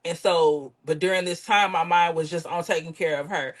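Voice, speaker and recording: With a lowish voice and moderate pace, a female comedian guest tells candid anecdotes in a casual interview. Her lively delivery includes swearing and impressions of her family members.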